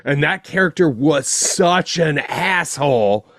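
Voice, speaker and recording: A man hosting a podcast, reflecting warmly on his guest's story in conversation. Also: fairly high pitch, expressive, takes it slowly, no echo, clean studio sound. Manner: affirming, reflective. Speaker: podcast host. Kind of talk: interview conversation.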